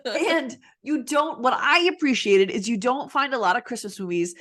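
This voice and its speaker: A woman's voice: on the high side, expressive, moderate pace, fairly bright tone. Woman, 30s, podcast co-host, chatty, laughs often, casual chat.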